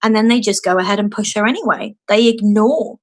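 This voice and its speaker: A British woman in her thirties, a guest activist in a podcast interview, telling stories in an animated way and acting out the people she quotes. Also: a little fast. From United Kingdom. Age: 30s. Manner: animated storyteller, acting out quoted voices with big pitch jumps.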